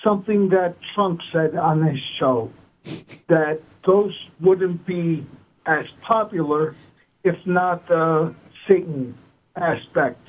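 A male caller to a talk show, asking a question slowly and hesitantly. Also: a little high. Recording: tinny phone line.

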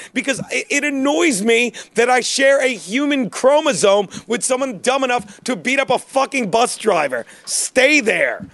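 A man's voice: extremely high pitch, a bit bright, no echo. A man hosting a casual comedy podcast, talking in a rambling, profane, ranting way.

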